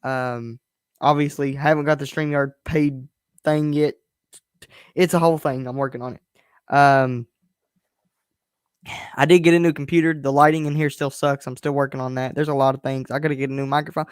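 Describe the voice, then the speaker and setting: A man's voice: on the high side, little pitch movement, normal speed, pauses often, smooth, dry recording, clean studio sound. A young man hosting his own podcast stream from his bedroom, talking in a candid, rambling and frustrated way. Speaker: podcast host. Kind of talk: casual solo stream rant.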